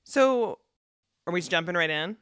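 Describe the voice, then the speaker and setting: A woman's voice: fairly low pitch, expressive, moderate pace, a bit bright, clean tone, dry recording, clean studio sound. A woman co-hosting a podcast in casual chat, rambling and often laughing. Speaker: podcast co-host.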